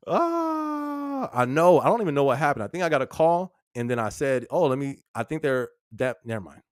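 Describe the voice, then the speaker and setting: Young male live-stream host, high-ish voice, loose slangy chatter, frequent laughs, dry booth sound. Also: big pitch swings, normal speed, no echo. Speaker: podcast host. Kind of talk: casual live-stream chat.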